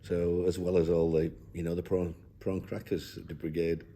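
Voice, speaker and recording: A man's voice: low voice, flat delivery, normal speed, dark tone, a little hiss or hum. An older man, a football manager, talking down-to-earth in an interview and reminiscing with frequent restarts. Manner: down-to-earth, rambling with many restarts. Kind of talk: reflective interview chat.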